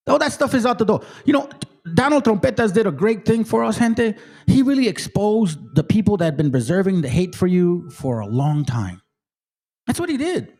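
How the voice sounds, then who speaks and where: A man with a high, swooping voice reads passages from a book aloud. He keeps breaking off into blunt, profane commentary as the channel's host. His tone jumps up and down as he talks. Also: a little mellow. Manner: blunt and profane, cuts in on his own reading.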